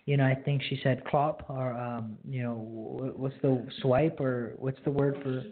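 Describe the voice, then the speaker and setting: A man's voice: medium pitch, a little slow. A man in his twenties hosting a ministry radio show, sharing a friendly, straightforward and rambling spoken testimony. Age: 20s. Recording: phone-like lo-fi line.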